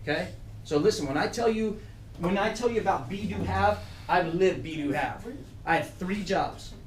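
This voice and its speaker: A middle-aged man giving a motivational talk to a group of youth trainees. He tells his own stories in an animated way and laughs through the funny parts. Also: sits high, moderate pace, distant mic, a little hiss or hum. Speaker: program director speaking to youth trainees. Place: room with an audience. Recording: echoey room, voice from off-mic.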